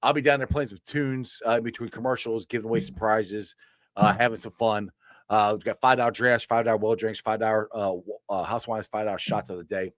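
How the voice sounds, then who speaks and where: A man hosting a casual football show, laughing a lot and talking loosely and excitedly. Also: fairly low pitch, brisk, no room sound. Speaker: show host. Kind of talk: casual sports show chat.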